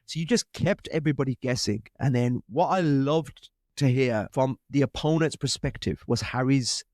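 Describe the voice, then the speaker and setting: A man's voice: medium pitch, moderate pace, darkish tone, no room sound, clean studio sound. A British man hosting a podcast, chatting with enthusiasm, laughing often and acting out quotes. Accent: British English. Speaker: podcast host. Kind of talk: casual interview chat.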